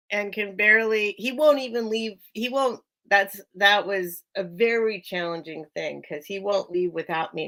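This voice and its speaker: A woman's voice: medium pitch, bright, forceful tone. An American woman hosting a live sale stream, chatting casually with viewers by name and laughing often.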